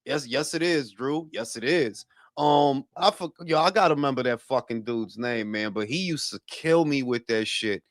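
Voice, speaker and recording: A man who hosts a boxing talk livestream, chatting casually and profanely and giving shout-outs to his chat. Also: medium pitch, normal speed, no echo, clean studio sound. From Dominican heritage. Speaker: boxing talk show host.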